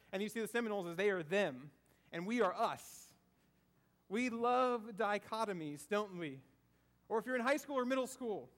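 In a chatty sermon, a man from the American South questions his congregation and repeats key phrases. His preaching voice is high and a little bright.

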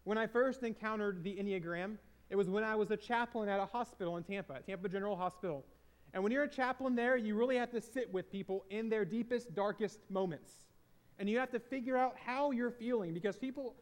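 An earnest man with a fairly high voice tells a personal story to an audience. He speaks as a former hospital chaplain in a confessional tone and repeats phrases to drive points home.

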